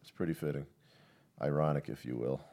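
A man's voice: extremely low pitch, steady tone, a little fast, vocal fry, mellow. A man co-hosting a casual whiskey tasting chat, laughing often and explaining how to drink it. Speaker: podcast co-host.

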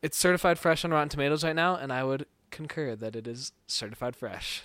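A man's voice: fairly high pitch, a little fast, fairly bright tone, dry recording, clean studio sound. A young adult man co-hosting a podcast, chatting casually about movies, rambling and hedging with fillers. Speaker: podcast co-host. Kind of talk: casual movie review chat.

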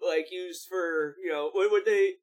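A man hosting a casual podcast chat, excitable, with profane banter. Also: high-pitched, measured pace.

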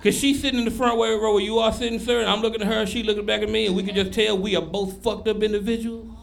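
A man from Memphis doing a crude, animated stand-up routine on a club stage. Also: high voice, quick pace, creaky. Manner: loud, crude, animated storytelling. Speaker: stand-up comedian. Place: comedy club stage before a live audience. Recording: live club recording with noise.

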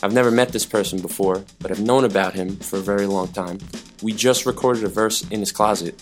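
Male podcast host, lowish pitch, easy friendly banter, faint music in the background. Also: fairly even intonation, brisk. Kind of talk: casual podcast interview. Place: hotel room.

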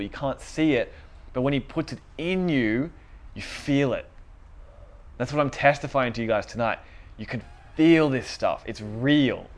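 A young man giving an informal, conversational sermon, animated and laughing at his own points. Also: medium pitch. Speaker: preacher.

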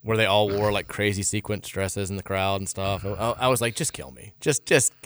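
A man's voice: fairly low pitch, steady tone, brisk, a bit bright, smooth, dry recording. A man hosting a sports radio show in casual talk, blunt and opinionated, often stumbling and restarting his sentences. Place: radio studio.

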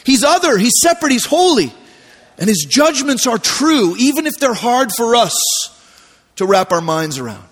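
A man preaching a sermon as pastor, telling stories in a relaxed, conversational way with animated voiced asides. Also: extremely high pitch, normal speed. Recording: long hall reverb.

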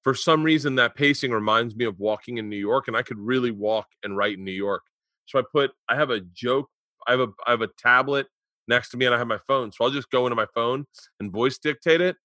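Bright-voiced comedian host, dry sound. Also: male voice, medium pitch, brisk, no echo. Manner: rambling storyteller, animated when retelling stories. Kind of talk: casual remote chat. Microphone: remote call.

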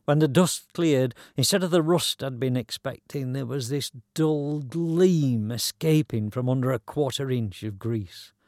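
A man's voice: medium pitch, unhurried, few pauses, darkish tone, no echo. A man narrating a story in a dry, wry, conversational way.

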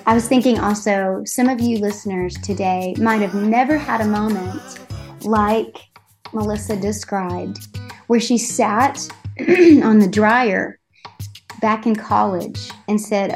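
A woman's voice: mid-range voice, fairly even intonation, measured pace, a little mellow, soft background music. A woman hosting a Christian podcast over a video call, earnest, closing with a prayer for her guest. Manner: earnest, prays aloud. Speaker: podcast host.

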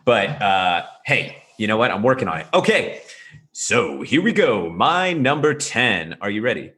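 A man co-hosting a podcast in casual chat, animated, talking in rapid bursts with many fillers. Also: lowish voice. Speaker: podcast co-host. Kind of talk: casual chat about martial arts films.

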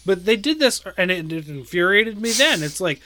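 A man's voice: high-pitched, sing-song, normal speed, sharp tone. Exasperated man ranting in casual chat. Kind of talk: casual chat about a video game.

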